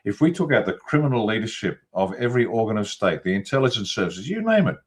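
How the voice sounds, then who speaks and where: Blunt man, low voice. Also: quick pace. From Australia. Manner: blunt, emphatic, long rolling lists. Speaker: guest commentator. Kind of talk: political commentary interview.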